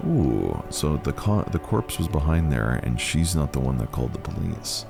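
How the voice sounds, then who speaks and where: Brief: male gaming host with an extremely low, creaky voice and lively, animated delivery, faint music behind. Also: moderate pace, few pauses. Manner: animated, reacts and muses aloud. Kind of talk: playthrough commentary and reading game text aloud.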